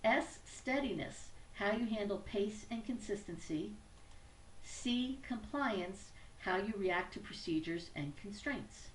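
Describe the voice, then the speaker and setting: A woman's voice: medium pitch, expressive, slow pace, far from the mic. An upbeat woman gives a recorded training tutorial in an easy, conversational way, now and then restarting a phrase. She sits a little back from the mic, in a roomy space with some echo. A faint hum of background noise runs underneath. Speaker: business trainer.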